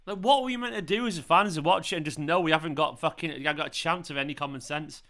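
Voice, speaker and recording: Furious high-voiced fan ranting. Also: male voice, quick pace, a bit bright. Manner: furious, swearing, repeats himself. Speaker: football fan channel host. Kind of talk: live watchalong rant.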